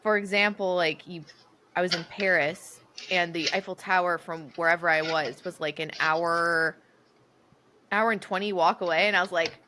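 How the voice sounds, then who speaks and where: A young woman from the United States chats on a podcast and wanders through her stories with plenty of "like" and "um". Her voice sits fairly low. A steady noise runs under the recording. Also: normal speed. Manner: rambling storyteller, many fillers. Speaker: podcast co-host. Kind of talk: casual chat.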